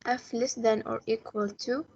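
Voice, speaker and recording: A female student answers her teacher's questions politely, calling him mister. Her voice is husky with a gravelly edge and a dark, mellow tone. The sound is dull and lo-fi. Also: fairly high pitch, fairly even intonation, a little slow. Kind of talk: answering in online class.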